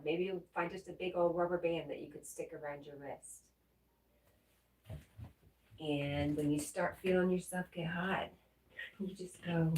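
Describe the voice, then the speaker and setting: A woman hosting a livestream, reading viewers' messages aloud and answering them in a gentle, comforting way. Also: lowish voice. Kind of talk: casual livestream chat. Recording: roomy echo, mic at a distance.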